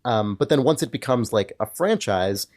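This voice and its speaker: A man's voice: mid-range voice, animated, normal speed, darkish tone. A man co-hosting a podcast in casual discussion, thinking aloud in long, hedged sentences full of filler words. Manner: thoughtful, hedging, many filler likes. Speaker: podcast co-host.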